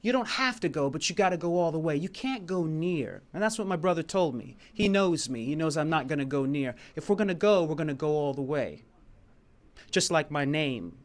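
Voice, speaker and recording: A man's voice: a little high, expressive, moderate pace. A man from the United States telling a personal story at a live showcase, rambling and repeating himself in a heartfelt way, with bits of song. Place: small venue in Paris.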